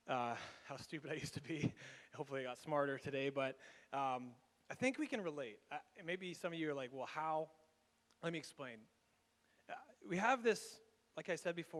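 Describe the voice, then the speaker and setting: A Canadian man preaching in a church, his fairly high voice trailing off into a long hall reverb. He tells his story in an animated way, with laughs and quick restarts. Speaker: pastor. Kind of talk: storytelling sermon. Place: church sanctuary.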